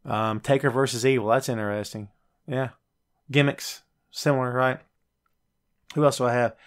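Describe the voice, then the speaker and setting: Riffing easily through his picks, a podcast host keeps his wrestling show laid-back, chatty, and jokey, speaking right to live viewers. His steady voice sits at an average male pitch, jumping into quick high-pitched impressions when quoting wrestlers.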